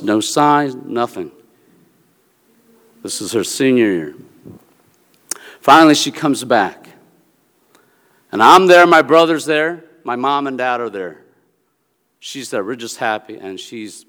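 A pastor from the United States gives a sermon and tells a personal family story in an earnest way, often checking in with "Okay?". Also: male voice, mid-range voice, slow pace, long pauses, a bit bright. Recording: long reverberant hall sound.

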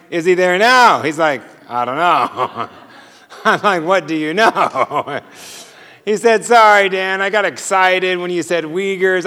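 A man with a high, bright, crisp voice tells a personal faith story from the pulpit. He is an animated storyteller who keeps chuckling at his own punchlines. His words ring out with a long hall reverb. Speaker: preacher sharing testimony. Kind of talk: storytelling sermon.

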